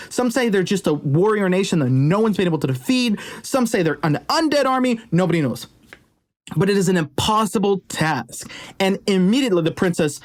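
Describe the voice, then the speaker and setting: A man retelling a legend in a casual, conversational way with jokey asides. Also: high voice. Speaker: storyteller. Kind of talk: casual storytelling.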